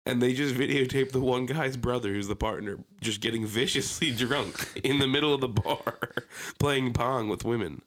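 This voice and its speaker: A man's voice: medium pitch, moderate pace, fairly bright tone. A man with a Philadelphia accent, co-hosting a casual podcast chat, swearing and joking, slipping into mocking impressions. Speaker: podcast co-host.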